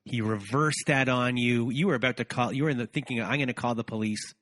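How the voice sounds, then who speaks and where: A man hosting a podcast speaks in a thoughtful, searching way, often restarting as he finds his words. His voice sits at a middle pitch. A long reverb trails after his voice. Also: fast, fairly bright tone. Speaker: podcast host. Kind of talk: reflective conversation.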